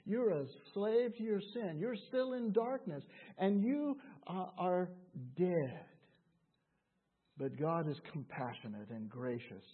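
A man preaching a sermon, earnest and slow, with dramatic pauses and quoted voices. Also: sits high, expressive, breathy edge. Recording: tinny phone-like sound.

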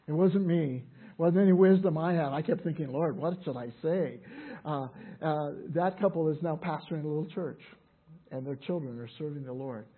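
An older man preaching a sermon as a pastor, telling personal stories in an earnest, halting way with many restarts. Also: fairly high pitch, breathy edge. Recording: tinny phone-like sound.

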